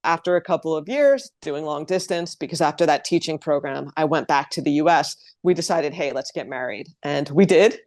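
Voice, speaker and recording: Chatty low-voiced woman from New Jersey. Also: a little fast, hardly any pauses, no echo, clean studio sound. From New Jersey, USA. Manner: chatty storyteller, lively and open. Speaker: guest, living-abroad blogger. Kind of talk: casual interview chat.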